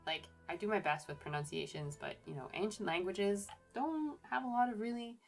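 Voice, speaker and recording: A woman's voice: mid-range voice, fairly quick, vocal fry, faint music behind. A woman archaeologist giving casual commentary while streaming a game, chatty and hesitant, often correcting herself.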